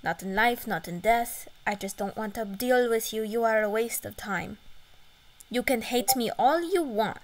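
A woman's voice: fairly high pitch, low-quality recording. A woman speaking in a put-on Russian accent, delivering a blunt, cursing vlog rant.

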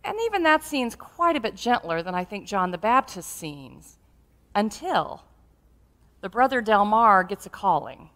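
A woman pastor preaching a sermon, telling stories in an animated, humorous way. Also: medium pitch, unhurried.

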